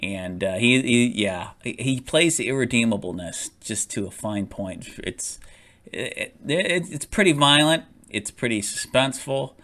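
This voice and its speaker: A man's voice: medium pitch, expressive, a little slow, a bit bright. A man casually reviewing a movie, rambling with lots of fillers, restarts and frequent laughs.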